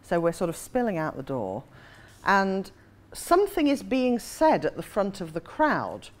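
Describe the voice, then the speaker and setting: A woman's voice: mid-range voice, huge pitch swings, unhurried. A woman in her forties, an author, telling a self-mocking anecdote with frequent laughter. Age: 40s. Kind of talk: anecdotal storytelling.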